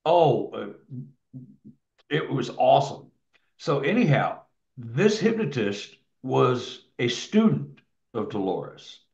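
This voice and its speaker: Man, mid-pitched, casual rambling storyteller, lots of restarts; roomy, lo-fi recording. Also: very animated, slow, vocal fry, a little mellow. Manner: rambling, many restarts and repeated words. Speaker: guest telling his experiences. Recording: echoey, dull lo-fi sound.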